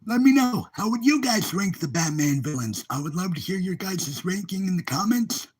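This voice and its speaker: A man's voice: high-pitched, lively intonation, moderate pace, husky. A man chatting casually to his viewers on a live stream, rambling and repeating upbeat exclamations. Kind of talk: casual livestream chat.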